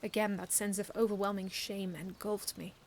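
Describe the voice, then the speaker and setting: A woman reading her own first-person fan story aloud in an earnest, expressive way, often restarting lines. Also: medium pitch, normal speed, a little hiss or hum.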